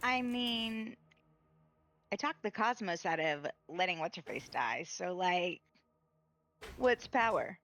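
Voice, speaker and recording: A woman playing in a tabletop game, talking animatedly and swearing freely as she argues her character's side. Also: lowish voice. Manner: animated, swearing, quick asides. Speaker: player. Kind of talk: tabletop role-play, casual and profane.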